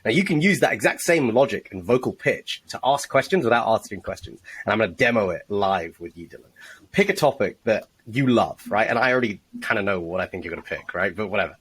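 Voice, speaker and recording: A man's voice: fairly low pitch, lively intonation, fast talker, a bit bright, breathy edge, low-quality recording. A man co-hosting a casual sales chat, explaining techniques with blunt, profane emphasis. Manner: profane, emphatic, teaching with examples. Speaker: sales trainer, co-host.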